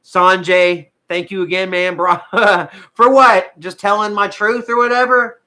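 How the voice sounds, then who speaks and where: A man's voice: high-pitched, flat delivery, measured pace, sharp tone. A man vlogging live to his viewers, rambling with lots of fillers and swearing, at times tearful and emotional. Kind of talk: emotional casual livestream talk.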